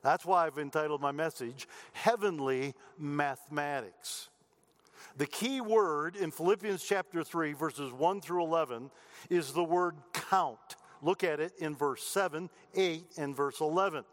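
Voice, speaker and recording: A man's voice: fairly high pitch, unhurried. A man preaching a sermon as pastor, folksy and chatty, mixing jokes and asides into Bible teaching. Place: church sanctuary. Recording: long reverb of a church hall.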